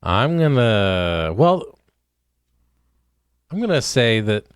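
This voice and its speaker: A man co-hosting a comedy podcast, offering absurd answers in a slow, dry, confident way. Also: mid-range voice, very animated, clear, resonant tone, no room sound. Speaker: podcast co-host. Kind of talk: casual banter.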